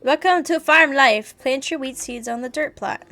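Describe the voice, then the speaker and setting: A woman's voice: high-pitched, normal speed, bright, forceful tone. A woman streaming games and chatting candidly, rambling and swearing freely. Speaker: VTuber streamer. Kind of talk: casual livestream chat.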